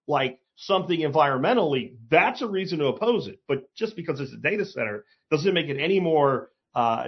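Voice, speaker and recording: A man delivers a blunt, sarcastic opinion monologue, peppered with profanity and emphatic asides. His voice sits a little high and sounds husky. The recording is slightly dull and lo-fi. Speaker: commentary host.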